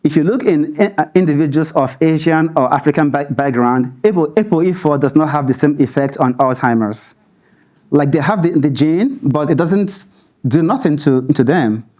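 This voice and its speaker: A man's voice: fairly high pitch, moderate pace, darkish tone. A man giving a public lecture and answering audience questions. He speaks thoughtfully, restarts his words often and laughs easily. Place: lecture hall with stage lights.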